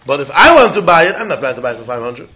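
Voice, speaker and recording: Animated Talmud teacher with lilt. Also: male voice, on the high side, rapid-fire. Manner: sing-song study-hall explaining, acting out both sides of a deal. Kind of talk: animated Talmud class lecture.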